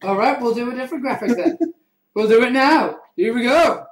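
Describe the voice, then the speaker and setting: Wisecracking male co-host, animated pitch, echoey room with faint hiss. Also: a little fast. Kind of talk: casual podcast banter.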